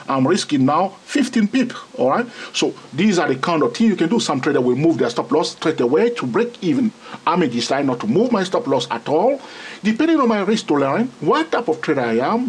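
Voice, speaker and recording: Male trading tutor, husky voice, very lively pitch, keeps checking "okay?". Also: low-quality recording. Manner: repeats "all right?" and "okay?" often, pointing at charts. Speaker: trading instructor. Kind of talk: screen-recorded trading lesson.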